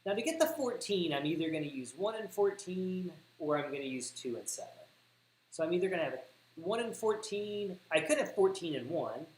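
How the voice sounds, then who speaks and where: A man with a Southern US accent teaching algebra on a livestream, thinking aloud, correcting himself and repeating words for emphasis. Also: high-pitched. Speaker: math teacher. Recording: echoey room with faint hiss.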